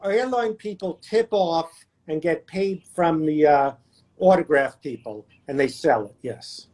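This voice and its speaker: High-pitched guy on a video call telling funny showbiz stories, kinda self-deprecating. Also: darkish tone. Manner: anecdotal, self-deprecating, does quick impressions. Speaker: guest actor. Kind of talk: casual storytelling chat.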